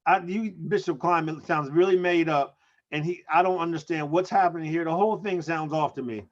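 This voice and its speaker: A man with a fairly high voice riffs through a casual comedy chat, incredulous and playful. The sound is muffled and lo-fi. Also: fairly quick. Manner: animated, incredulous, joking. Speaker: co-host. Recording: muffled lo-fi audio.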